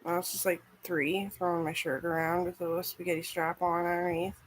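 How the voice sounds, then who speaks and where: A woman's voice: lowish voice, level tone, fairly quick, a little hiss or hum, poor audio. Rambling, foul-mouthed woman vlogger. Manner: rambling, profane, frequent "like". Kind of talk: casual rambling chat.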